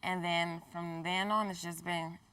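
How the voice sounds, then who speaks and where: A young woman college student, a dancer, answering interview questions in a relaxed way. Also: on the low side, measured pace, clear, resonant tone, dry recording, recorded from a distance. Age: young adult. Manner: relaxed, with frequent "um" and "you know".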